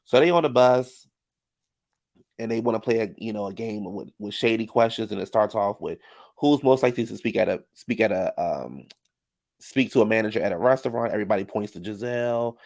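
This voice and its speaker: Gravelly-voiced sassy male recapper. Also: lowish voice, fairly quick, darkish tone. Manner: sassy and slangy, calling the viewer "child" and "honey". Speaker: YouTube recap commentator. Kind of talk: casual reality-TV recap commentary.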